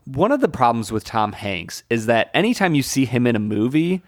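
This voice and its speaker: A man's voice: medium pitch, big pitch swings, a little fast, no echo, clean studio sound. A man co-hosting a film podcast, talking enthusiastically and often restarting his words. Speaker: podcast co-host. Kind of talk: casual film discussion.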